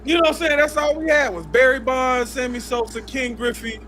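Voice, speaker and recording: A man on a podcast telling laid-back stories in slangy, rambling talk. His voice is quite high for a man. Faint noise sits in the background. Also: a little fast, pushed and bright. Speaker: podcast guest. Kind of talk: casual storytelling.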